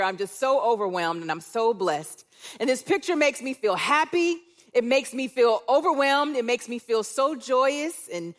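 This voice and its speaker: A middle-aged woman, giving a conversational sermon and telling family stories with playful asides. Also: on the high side. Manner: warm storytelling with playful quoted asides. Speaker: church speaker. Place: church auditorium.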